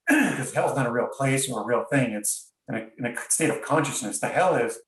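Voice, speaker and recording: A man's voice: medium pitch, expressive, moderate pace, fairly bright tone. A man, a podcast guest, tells a personal story in an earnest, reflective way, often stopping and restarting his sentences. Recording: roomy sound, distant from mic.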